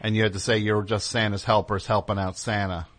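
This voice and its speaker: Low-voiced rambling talk-show host man. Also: flat delivery, fast talker, a bit bright. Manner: rambling, riffing, sarcastic. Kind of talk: casual comedic talk-show banter.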